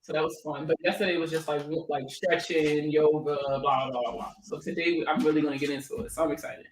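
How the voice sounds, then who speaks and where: A woman's voice: deep voice, flat delivery, brisk, a little hiss or hum, poor audio. A woman in her thirties with a Prince George's County, Maryland accent, hosting a casual credit advice livestream, chatty and joking with frequent laughter. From Maryland, USA.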